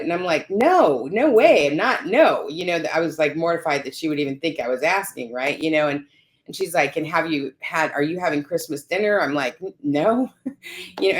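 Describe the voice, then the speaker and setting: Low-voiced woman telling a caregiving story. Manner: frequent "you know" and "right?" tags. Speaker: caregiver sharing her story. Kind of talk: personal storytelling in conversation.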